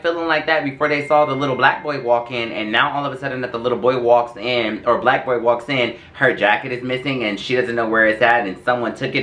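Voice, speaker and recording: A man's voice: mid-range voice, slight background noise. Sassy young man in an echoey room. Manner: animated and sassy. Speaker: vlogger. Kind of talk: get-ready-with-me storytime while doing makeup.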